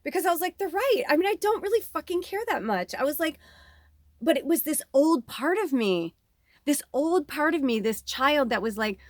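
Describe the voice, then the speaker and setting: A woman's voice: high-pitched, animated, normal speed, no echo. A woman in her thirties giving a casual psychic reading, talking candidly and rambling, swearing freely. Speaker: psychic medium. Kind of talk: casual spiritual reading monologue.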